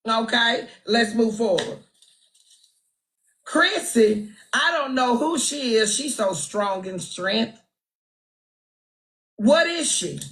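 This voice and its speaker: A woman's voice: on the high side, fairly bright tone, low-quality recording. Brash Texan woman trash-talking on a livestream. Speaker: livestream host. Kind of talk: casual live-stream gossip commentary. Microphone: phone livestream.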